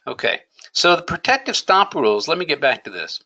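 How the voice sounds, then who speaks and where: A man's voice: a little high, big pitch swings, a little fast, pushed and bright, lo-fi sound. A man teaching a day trading lesson, coaching emphatically and asking rhetorical questions. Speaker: trading educator. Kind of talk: screen-share trading lesson.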